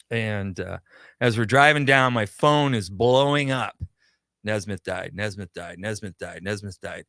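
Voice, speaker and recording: A man's voice: medium pitch, clean tone, no echo, studio quality. A middle-aged man, a pop culture shop owner, telling a long story in a casual radio conversation and acting out the quotes. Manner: animated anecdote teller, acts out quotes.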